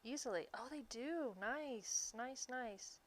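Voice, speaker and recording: A woman's voice: fairly high pitch, slight background noise. A woman chatting casually and laughing easily as she bakes and talks to viewers on a livestream. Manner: chatty, easygoing, quick to laugh. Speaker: streamer. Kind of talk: casual chat while baking on a livestream.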